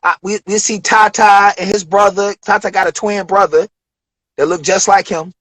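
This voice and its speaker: A man in his forties from Detroit, a rapper telling studio stories in a loose, profane, animated way during an interview. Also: high-pitched, normal speed, dry recording, poor audio. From Detroit, USA. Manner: profane, animated storytelling with acted quotes. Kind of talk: casual storytelling interview.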